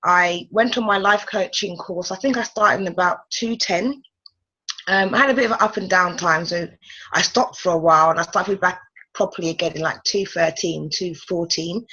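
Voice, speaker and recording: London woman 30s, kinda husky voice, muffled lo-fi call sound. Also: on the low side, fairly bright tone. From England. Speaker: life coach guest. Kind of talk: casual interview.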